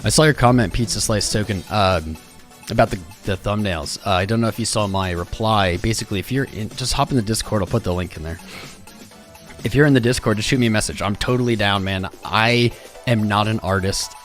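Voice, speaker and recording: Laid-back American streamer, low voice. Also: male voice, fairly quick. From United States. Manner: laid-back, greets chat by name, rambling. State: slightly losing his voice. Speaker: crypto livestream host. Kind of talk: casual live stream chat. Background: music playing.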